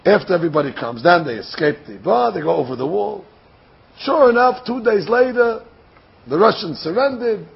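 High, gravelly man telling a sermon story. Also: normal speed, highs cut off. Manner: animated storytelling, acts out dialogue, repeats phrases.

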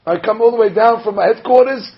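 Man doing a polite hotel owner, male, eager, insistent, gravelly, muffled recording. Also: high-pitched, fast, voice pushed up. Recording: dull lo-fi recording.

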